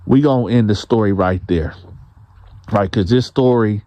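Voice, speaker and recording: A man's voice: on the low side, normal speed, mellow, no echo. A man telling a prison story in a casual, slangy way as the host. He acts out the quotes.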